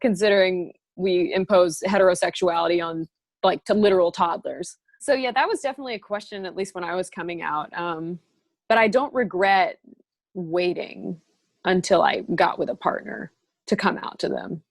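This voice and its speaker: A woman with a fairly low voice chats casually as a podcast co-host. She talks in a relaxed way, with fillers and asides that trail off. The mic is close and the sound is dry. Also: moderate pace, no echo.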